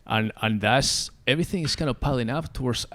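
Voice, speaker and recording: A man co-hosting a casual podcast, quick and chatty, often repeating words as he restarts. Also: medium pitch, fairly bright tone. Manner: quick, talks over partner, stammers on repeated words. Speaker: podcast co-host.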